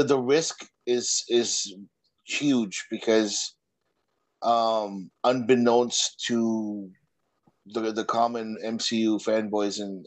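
A man co-hosting a casual movie podcast, explaining slowly with drawn-out hesitations. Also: on the low side, rough recording.

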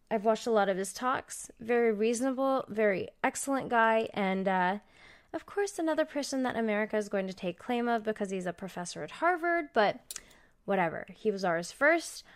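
A woman from Canada hosting a live stream, talking casually and profanely with a Valley-girl cadence. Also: medium pitch. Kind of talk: casual livestream chat.

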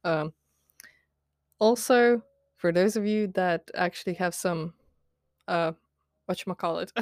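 Her voice on the low side with a darkish tone, a young adult woman hosts a podcast in a rambling, diary-style rant packed with fillers. She laughs often and candidly teases herself. It's a dry, studio-quality recording.

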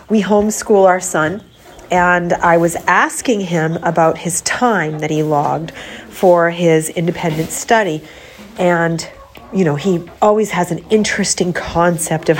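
A woman's voice: on the low side, a little hiss or hum. A woman host and mindset coach with a nasal voice from a cold, talking in a casual, conversational way. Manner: conversational, with fillers and restarts. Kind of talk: casual chat.

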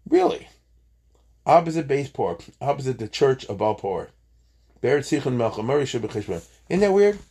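Guy teaching a torah class, kinda husky, jokes around a lot. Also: medium pitch, a little mellow. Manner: chatty, joking asides, Hebrew terms. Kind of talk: informal Bible class.

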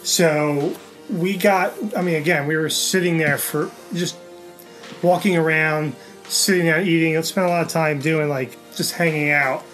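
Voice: medium pitch, fairly even intonation, a little slow, fairly bright tone, faint music behind. A co-host in casual chat, recounting the events of a day at length in a conversational way.

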